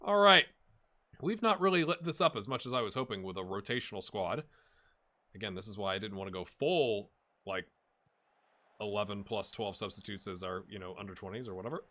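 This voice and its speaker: A man's voice: lowish voice, a little fast. A middle-aged man giving chatty commentary on his football management game and talking to his viewers. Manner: animated, chatty, talks to viewers and players. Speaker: gaming YouTuber. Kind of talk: casual Let's Play commentary.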